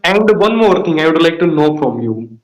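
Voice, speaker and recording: Young guy, high voice, keeps saying sir and like, echoey room. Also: very animated, normal speed. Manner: polite, calls the other "sir", uses many fillers like "like". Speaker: student interviewer. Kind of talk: conversational interview.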